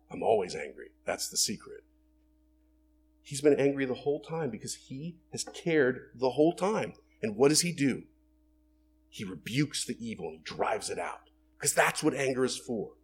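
A man's voice: mid-range voice, darkish tone, a little hiss or hum. A man preaching a sermon in an earnest way, building to emphatic bursts and acting out the quoted lines. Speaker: pastor.

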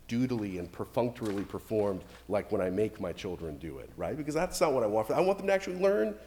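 A middle-aged male pastor preaching a sermon, animated and emphatic, with swings between loud and quiet. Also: medium pitch, gravelly. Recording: long reverb from a hall.

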